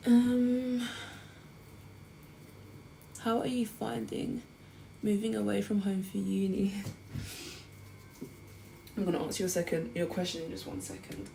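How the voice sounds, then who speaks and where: A woman's voice: mid-range voice, little pitch movement, measured pace, vocal fry, long pauses. A young woman in her twenties, chatting casually to viewers while she cooks. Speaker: student vlogger. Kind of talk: casual chat while cooking. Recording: loud background noise.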